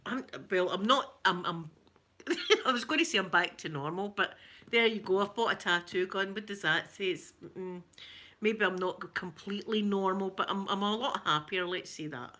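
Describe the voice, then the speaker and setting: A middle-aged Scottish woman chatting casually with live viewers on an ASMR stream, giggly and rambling, often dropping to soft whispers. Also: medium pitch, normal speed. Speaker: ASMR creator.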